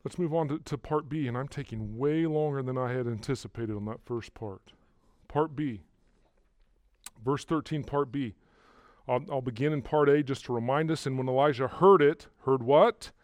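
A man preaching a sermon to a congregation, walking through verses and rising loudly on key words, often repeating himself. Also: medium pitch, moderate pace, no room sound. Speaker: pastor.

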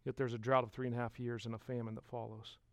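A man preaching a sermon as pastor, putting rhetorical questions to the congregation and swinging from hushed to loud. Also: medium pitch, flat delivery, fast, no echo, clean studio sound.

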